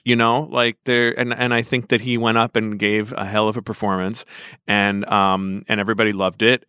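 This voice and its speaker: A man's voice: medium pitch, sharp tone, smooth, no room sound, studio quality. A man co-hosting a podcast, talking emphatically and wryly with strong opinions. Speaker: podcast co-host. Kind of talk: casual panel chat.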